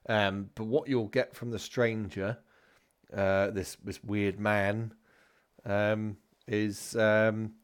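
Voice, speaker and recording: Relaxed game master, low-pitched and chatty. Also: male voice, slow pace, smooth. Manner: laid-back, chatty, laughs often. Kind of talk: running a tabletop game online.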